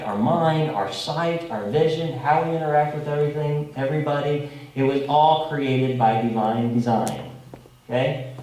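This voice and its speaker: Preacher in a very echoey room. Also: male voice, medium pitch, a little mellow, distant mic. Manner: informal, asks the congregation "okay?" often. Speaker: pastor. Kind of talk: conversational sermon. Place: congregation meeting room.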